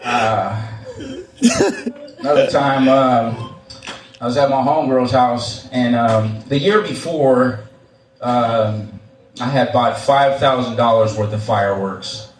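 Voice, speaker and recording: A man's voice: medium pitch, takes it slowly, pauses often. A young man telling stories at a live show, in a casual, rambling way, swearing often and filling gaps with uh and um. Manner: rambling and profane, with many fillers and restarts. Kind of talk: casual spoken storytelling. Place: live venue, on stage. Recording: echoey room, mic far off, faint noise.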